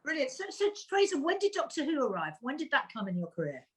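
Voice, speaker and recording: A woman co-hosting an interview, enthusiastic and quick to exclaim. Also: sits high, wildly swooping pitch. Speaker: co-host. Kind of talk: interview chat.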